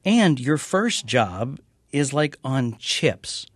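A man's voice: medium pitch, sing-song, very slow, slightly rough, no room sound. An older man interviewing a guest, asking chatty, wry questions and laughing easily. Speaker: interviewer, TV critic.

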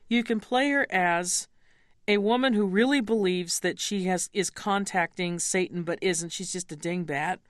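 A woman's voice: medium pitch, no room sound. Articulate woman opera singer, dry studio. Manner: thoughtful, candid, coaches pronunciation slowly. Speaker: opera singer, mezzo-soprano guest. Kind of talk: interview conversation.

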